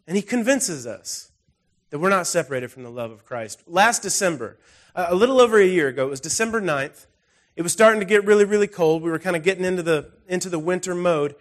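High-voiced man preaching a story-filled sermon. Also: a bit bright. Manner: conversational, storytelling, frequent restarts. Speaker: pastor. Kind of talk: sermon with personal stories.

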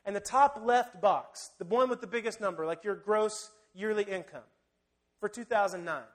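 High-pitched male preacher, relaxed conversational sermon delivery. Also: normal speed. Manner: conversational and animated, addressing listeners directly.

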